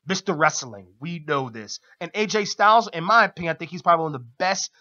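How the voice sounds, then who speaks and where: A high-pitched man with a bright, forceful tone, co-hosting a radio show and recapping wrestling in an excited, casual way. He laughs often and shouts out quotes in a sharp voice. The recording has a dull, lo-fi broadcast sound. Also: fast talker.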